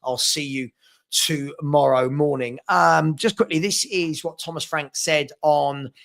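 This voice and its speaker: Chatty male stream host, slightly high voice with some fry. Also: unhurried, a bit bright. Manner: chatty, thanks viewers by name. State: hiccups. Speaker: fan channel host. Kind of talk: casual live-stream chat.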